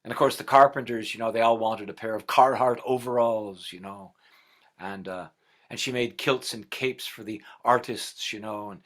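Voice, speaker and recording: A middle-aged man telling a folktale aloud, expressive and swinging from whispers to loud passages. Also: on the low side, moderate pace. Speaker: storyteller.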